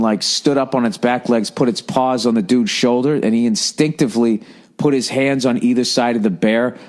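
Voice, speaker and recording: A man's voice: medium pitch, darkish tone. A man in his forties from the United States, telling a profane, rambling story on a comedy podcast. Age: 40s. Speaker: podcast host.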